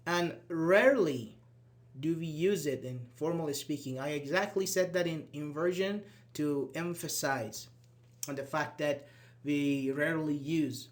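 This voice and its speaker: An English teacher with Persian as his first language leads a live online grammar session. He explains each step and checks that students are following, speaking unhurriedly in a slightly high voice.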